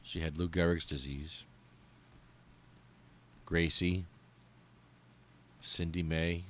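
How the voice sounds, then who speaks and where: Man, very deep voice, podcast host, emotional memorial list, angry and profane. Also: fairly even intonation, a bit bright, slight background noise. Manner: heartfelt, angry and profane, with halting pauses.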